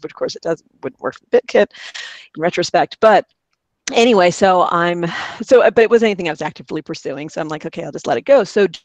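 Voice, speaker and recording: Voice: mid-range voice, no room sound. Dry voice, casual rambling storyteller, laughs a lot, group podcast vibe. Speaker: podcast host.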